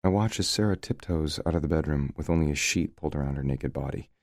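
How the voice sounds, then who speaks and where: A man's voice: very deep voice, fast, a little mellow, no room sound. A man narrating a first-person romance audiobook in a wry, conversational way, recorded close to the mic.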